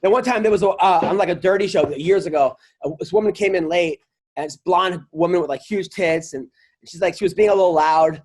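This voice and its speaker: A man from New York hosting a podcast, his voice sitting high for a man. He tells crude stories in a loose, animated way and swears freely. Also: fairly quick, a little hiss or hum. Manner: swears freely, animated storyteller who acts out the people in his anecdotes. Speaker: podcast host and comedian. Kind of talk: casual storytelling chat.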